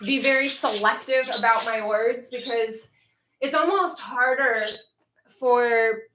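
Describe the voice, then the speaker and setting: American woman, thirties, livestream host, chatty, answers chat, highish voice, roomy echo. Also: slow pace. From United States. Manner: chatty, answers viewers by name, thinks aloud with fillers. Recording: echoey room with faint noise.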